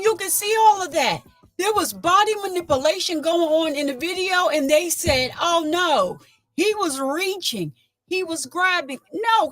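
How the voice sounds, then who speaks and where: A woman's voice: high voice, dry recording. A woman hosting a casual livestream, talking indignantly and chatting with her viewers. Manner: animated, indignant, chats with viewers. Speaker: livestream host.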